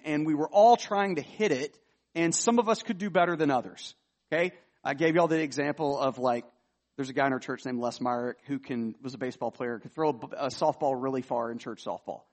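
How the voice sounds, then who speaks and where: A male pastor delivers a sermon in a relaxed, conversational way. His voice sits a little high for a man. When he reads scripture, he pushes harder and lifts his emphasis. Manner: conversational preaching, rising emphatic on scripture readings.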